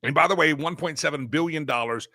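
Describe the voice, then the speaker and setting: Male talk-show host, bright slightly high voice, rambling playful studio monologue. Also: quick pace, no room sound. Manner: rambling, self-interrupting, playful. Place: broadcast studio. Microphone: studio microphone.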